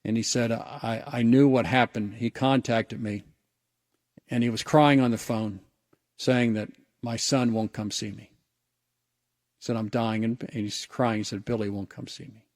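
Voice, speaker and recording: A man's voice: mid-range voice, steady tone, a little slow, long pauses, darkish tone, dry recording, studio quality. A man who hosts a radio show, telling a personal story in an earnest, reflective way, often restarting his words. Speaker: radio host.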